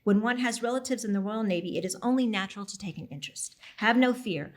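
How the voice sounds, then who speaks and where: A woman reading aloud, giving the lines of a flustered, eager young modern woman with a chatty, excited manner. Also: mid-range voice, fast, natural voice. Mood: playful.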